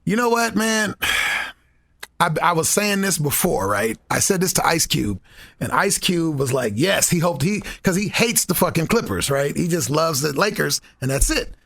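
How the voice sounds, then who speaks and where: Guy telling stories, high gravelly voice, lively, dry sound. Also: moderate pace, no room sound. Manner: animated storyteller, swears freely. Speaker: guest. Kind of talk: casual chat.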